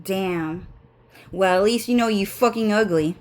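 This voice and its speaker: A woman's voice: mid-range voice, unhurried. A young woman with a congested, runny nose, telling a rambling story that is full of swearing, fillers and restarts. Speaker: vlogger.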